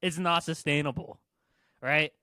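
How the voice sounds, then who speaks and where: A man's voice: fairly high pitch, steady tone, measured pace, bright, forceful tone, smooth, no room sound. A young man co-hosting a podcast, ranting with heavy profanity at online commenters. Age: young adult. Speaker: podcast co-host. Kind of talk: casual podcast rant.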